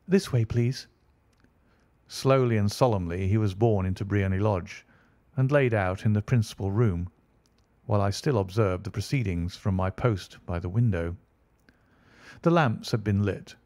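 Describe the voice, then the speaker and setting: A man narrating an audiobook in a steady, measured storytelling manner. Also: fairly low pitch, no echo.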